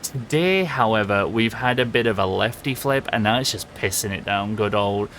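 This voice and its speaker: A man's voice: on the low side, lively intonation, normal speed, fairly bright tone, a little hiss or hum. A young man with a Yorkshire accent, chatting casually with viewers while streaming a game, rambling and swearing freely. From England. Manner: rambling, laughs often, swears, answers chat. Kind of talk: casual live-stream chat while gaming.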